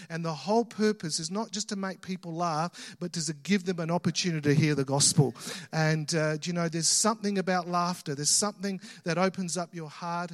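A man, a pastor giving church announcements from the pulpit with plenty of enthusiasm and frequent ums and restarts. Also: high voice. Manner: enthusiastic, many fillers and restarts. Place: church auditorium. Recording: long reverb in a church hall.

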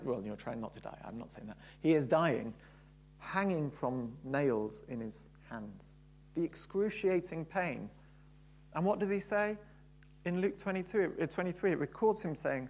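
A man's voice: fairly high pitch, animated, normal speed, darkish tone. A man preaching a sermon, building to fervent emphasis and repeating key phrases.

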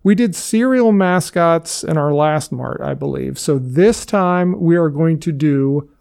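A man's voice: a little high, lively intonation, unhurried, creaky, a little mellow, smooth. A man co-hosting a podcast in casual chat, enthusiastic and chatty, leading the segments. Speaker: podcast co-host.

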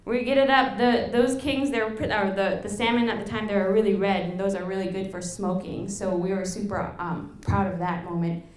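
A young woman from Alaska telling a lively personal story to an audience, laughing and acting out the quotes. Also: mid-range voice, brisk, few pauses. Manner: animated, laughing, acts out quotes. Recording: echoey room.

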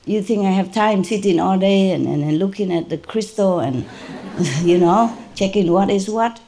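A woman, a spiritual teacher, telling a story to her disciples in an animated, informal way, laughing often. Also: medium pitch, moderate pace.

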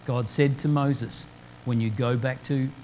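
A man preaching a sermon, slowing down to quote scripture word by word with emphasis. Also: mid-range voice, steady tone, darkish tone, slight background noise, rough recording. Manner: emphatic, slow deliberate quoting of scripture. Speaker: pastor. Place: church.

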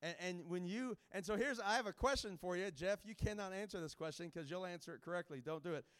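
A man's voice: sits high, fast talker, a bit bright. A man speaking as a guest evangelist, giving a jokey, rambling informal sermon to a camp with many restarts.

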